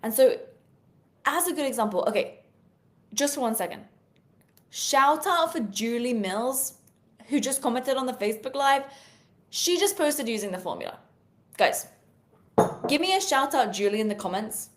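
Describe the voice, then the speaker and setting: A woman's voice: high voice, normal speed, pauses often. A young woman with a British accent, chatting live to an online audience. She talks energetically and casually, full of "you know" and "like", as a social media sales coach. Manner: energetic, chatty, peppered with fillers. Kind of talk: live-stream talk to viewers.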